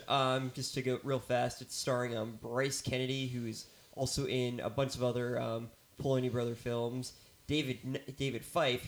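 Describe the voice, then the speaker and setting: A man co-hosting a casual movie review chat, making dry jokes with many ums. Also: medium pitch. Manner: dry, joking asides with many fillers.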